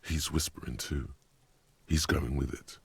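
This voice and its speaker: A man voicing the solemn inner voice of a detective game, speaking slowly and advising the player in the second person. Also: a bass voice, steady tone, fairly bright tone, a little hiss or hum, heavily acted. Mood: grave. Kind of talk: game narration.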